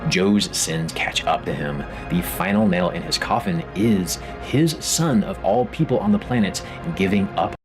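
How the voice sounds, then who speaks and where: A man narrating a scripted video essay, expressive and rising for emphasis, with a music bed under his voice. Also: deep voice, unhurried, few pauses.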